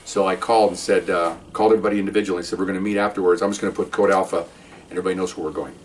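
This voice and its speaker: A man's voice: low-pitched, rapid-fire, far from the mic, slight background noise. An older man, a retired police officer, telling a rambling story and checking in with "okay?" as he goes. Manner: rambling, animated, keeps adding "okay?". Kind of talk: casual storytelling monologue.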